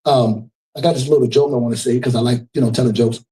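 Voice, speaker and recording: A man's voice: medium pitch, steady tone, fast, dark tone, far from the mic, rough recording. A man hosting a live fundraiser event, joking and riffing with the crowd in a loose, preacher-like way. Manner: loose, preacher-like riffing with call-outs to the audience. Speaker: event host.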